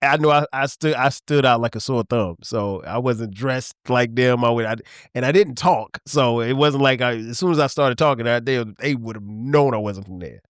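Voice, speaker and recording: Laid-back rambling man, smooth voice. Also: medium pitch, normal speed, dry recording, studio quality. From southern US. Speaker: podcast host. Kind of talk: casual conversation.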